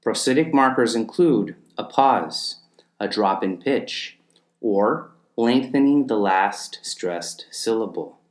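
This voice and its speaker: A man narrating a lesson in a measured, explanatory way, with deliberate pauses between phrases. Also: lowish voice, animated, roomy sound. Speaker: teacher.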